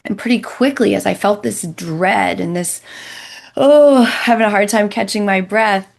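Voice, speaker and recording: A middle-aged woman speaks as a guest on a podcast, reflecting earnestly on her own experience. Her voice has a gravelly, creaky texture at an ordinary pitch, speeding up in quick bursts and slowing for emphasis. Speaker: Christian counselor, guest. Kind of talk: personal storytelling in a podcast interview.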